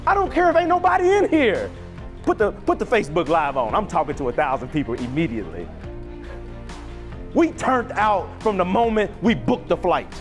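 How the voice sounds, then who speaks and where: A young man giving a motivational keynote on a conference stage, swinging from loud to near-whisper with a preacher-like cadence. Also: high voice, big pitch swings, moderate pace, faint music behind. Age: young adult. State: choked up and crying at times. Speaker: motivational speaker.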